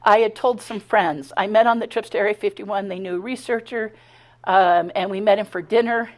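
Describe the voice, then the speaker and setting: A middle-aged woman giving a talk, telling her own story in an animated, conversational way, acting out the dialogue and often stumbling and restarting. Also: medium pitch, moderate pace. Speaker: speaker giving a talk on her abduction experiences. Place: talk at a spiritual center.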